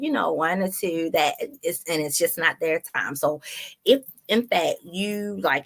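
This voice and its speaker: A woman's voice: lowish voice, a bit bright. A woman with a Baltimore accent hosting her own online show, chatty, laughing at herself and using many fillers. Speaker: online radio show host. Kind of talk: casual announcements to viewers.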